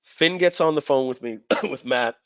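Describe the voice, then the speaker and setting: A man's voice: mid-range voice, normal speed, smooth, no echo. Man telling a story on a dry webinar. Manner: animated, acts out quoted dialogue. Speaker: webinar host. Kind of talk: casual storytelling. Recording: dry, dull lo-fi webinar audio.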